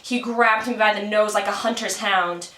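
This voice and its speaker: A woman's voice: mid-range voice, fairly even intonation, normal speed, natural voice. Woman putting on an indignant puppet man. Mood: shaken. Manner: loud, exclaiming, accusing. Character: angry shadow-puppet man, indignant, aggrieved. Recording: roomy home room.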